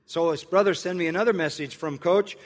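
An older man preaching a sermon, telling a personal story in an earnest way and slowly spelling words out letter by letter. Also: fairly high pitch, big-room sound. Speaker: pastor.

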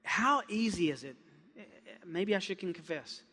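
Man, pastor, impassioned sermon, bright sharp tone, long reverb of a large hall. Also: high voice, expressive, measured pace. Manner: impassioned preaching, swings from hushed to loud.

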